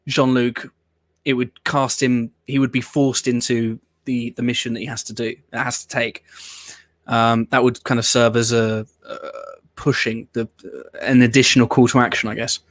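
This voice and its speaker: A man's voice: medium pitch, flat delivery, normal speed, no room sound. A man hosting a watch-along show, chatting casually and rambling with blunt opinions and the odd swear word. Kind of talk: casual reaction commentary.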